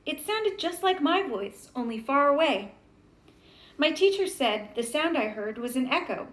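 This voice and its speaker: Woman, high voice, gentle storybook reading, questions for young listeners. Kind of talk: reading a children's book aloud.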